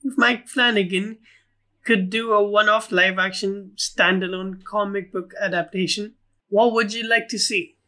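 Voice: medium pitch, fairly even intonation, measured pace, sharp tone. A co-host of a film podcast, chatting casually with short, dry replies. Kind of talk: casual chat.

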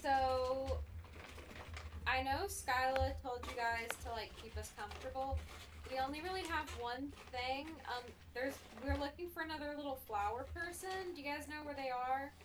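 A woman's voice: high-pitched, steady tone, moderate pace, noisy background. A woman playing a tabletop game, eager and direct as she describes her actions. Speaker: player. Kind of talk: casual tabletop play.

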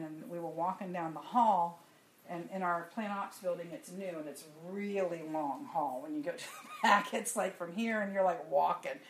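A woman with a drawl tells her faith story to a congregation, chatty and unhurried. Her voice sits fairly low. The room is echoey, with a faint hum of ambience behind her. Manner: conversational storytelling, animated when laughing. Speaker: church speaker giving testimony. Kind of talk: testimony talk to a congregation.

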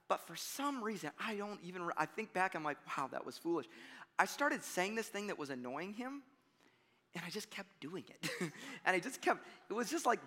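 A man delivers a sermon with a high-pitched, bright voice. He talks casually, tells stories and chuckles at himself. His words echo with a long reverb through a hall. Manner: conversational, storytelling with self-deprecating laughs. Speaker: pastor.

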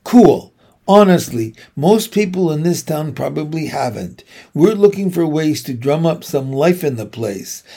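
Give me a man doing a friendly, teasing teenage girl from a storybook, unhurried. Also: a little high, lively intonation, gravelly, dark tone, slightly rough, exaggerated voice. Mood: cheerful. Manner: upbeat, joking. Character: cheerful friendly teenage girl library helper.

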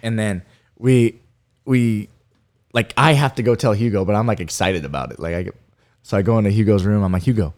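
A man's voice: on the low side, a little fast, darkish tone. A man co-hosting a podcast, telling rambling stories with many fillers and laughs. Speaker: podcast co-host. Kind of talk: casual storytelling chat.

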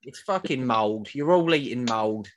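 A man's voice: mid-range voice, lively intonation, unhurried, slight background noise. A man, a podcast guest, talking bluntly and emphatically in casual chat.

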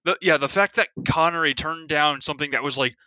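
Bright, dry-voiced young-sounding man chatting. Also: on the high side, fairly quick, dry recording. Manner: rambling, filler-heavy, lots of "like". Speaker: podcast co-host. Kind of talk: casual chat.

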